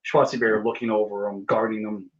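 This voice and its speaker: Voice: mid-range voice, little pitch movement, fairly quick. Tender guest on a dull call line. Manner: warm, tender storytelling, choked up at times. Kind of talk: casual video-call chat.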